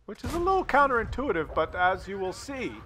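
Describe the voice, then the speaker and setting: A man's voice: sits high, big pitch swings, fairly quick, pushed and bright, slight background noise. A man commenting on gameplay and joking through a comedy skit, teasing and crude, casual with many fillers. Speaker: gaming commentator.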